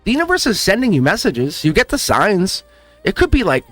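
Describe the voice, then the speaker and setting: Swooping wildly in pitch from a high register, this tarot reader talks fairly quickly with a fairly bright tone. Addressing his viewers directly, the channel host delivers a heartfelt spiritual pep talk, close to crying and circling back over the same words. Soft music plays underneath, with no echo.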